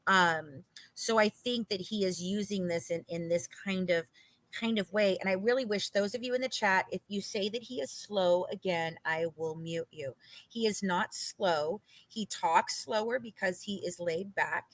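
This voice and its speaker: A woman's voice: medium pitch, a little slow, dry recording, rough recording. A woman hosting a casual commentary chat, talking emphatically with mocking exasperation and some swearing. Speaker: commentary show host.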